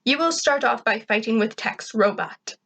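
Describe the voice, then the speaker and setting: A proud male alien invader who barks blunt orders and talks about himself in grand terms, as a woman reads him aloud. The voice sits fairly high and commands without softening anything, in a homemade story reading. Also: lively intonation, moderate pace, gravelly, full character voice. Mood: instructing.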